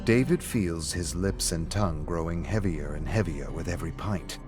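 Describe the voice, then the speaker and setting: Low-voiced man narrating a story. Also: moderate pace. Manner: steady, descriptive, matter-of-fact. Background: faint music.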